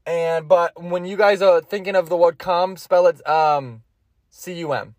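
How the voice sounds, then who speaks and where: A man's voice: sits high, fairly even intonation, a little slow, no room sound, studio quality. A man hosting a solo podcast, rambling in a crude, jokey way. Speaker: podcast host.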